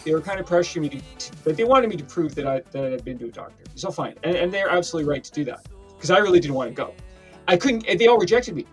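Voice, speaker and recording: A Canadian man co-hosting a casual podcast, telling stories in an animated, indignant way. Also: a little high, husky, faint music behind. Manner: fast, animated storytelling, indignant complaints. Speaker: podcast co-host.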